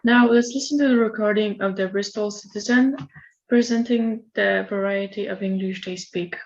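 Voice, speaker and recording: A woman presenting a recorded lecture in a measured, explanatory way. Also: mid-range voice, fairly even intonation. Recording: slightly dull lo-fi recording.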